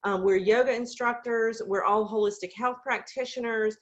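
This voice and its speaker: A woman hosting a casual group video call, talking in a hesitant way with many fillers and warm, effusive praise of her guests. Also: fairly high pitch, fairly even intonation, moderate pace, muffled recording.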